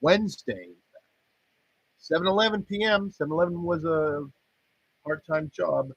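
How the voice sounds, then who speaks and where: A man with a husky voice rambles through casual commentary, swearing and joking as he goes. The sound is dull and lo-fi, like a cheap home setup. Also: a little high, animated, normal speed. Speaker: podcast host reacting to wrestling results.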